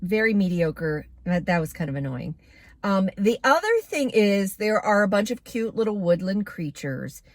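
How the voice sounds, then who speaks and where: A woman's voice: mid-range voice, animated, moderate pace, dry recording. A woman giving a casual, candid movie review to camera, chatty with plenty of fillers.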